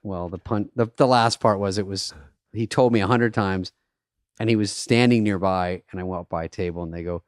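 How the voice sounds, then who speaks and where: A middle-aged man from Arizona, co-hosting a podcast in casual chat, telling animated stories with lots of swearing and acted-out voices. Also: low voice, moderate pace, no echo, studio quality. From Arizona, USA. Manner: animated storyteller, swears a lot, acts out voices. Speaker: podcast co-host.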